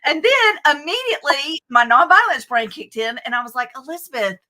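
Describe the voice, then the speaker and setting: A woman with a Southern American accent, a guest author telling stories in a lively, animated way. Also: high voice, moderate pace, background noise. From United States. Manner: lively, animated storytelling with self-corrections. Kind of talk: conversational interview.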